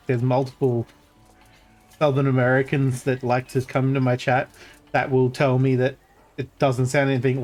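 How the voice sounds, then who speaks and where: Guy streamer joking around over gameplay, sarcastic asides, casual chatty voice. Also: mid-range voice.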